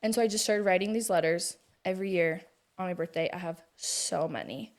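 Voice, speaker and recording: A woman's voice: lowish voice, brisk. A woman in her thirties, a guest in a casual conversation, telling personal stories in a chatty way and laughing easily. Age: 30s.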